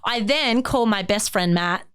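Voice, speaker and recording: Young woman, animated storyteller, mid-pitched voice, dry close mic. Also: moderate pace, clear, resonant tone, dry recording. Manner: animated, swears freely, acts out what others said. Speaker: podcast co-host. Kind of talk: casual chat, personal storytelling.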